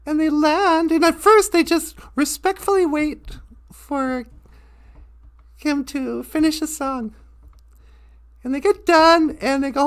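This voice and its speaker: A woman's voice: high voice, slow pace, long pauses. A woman telling a story casually on a live stream, often laughing as she goes.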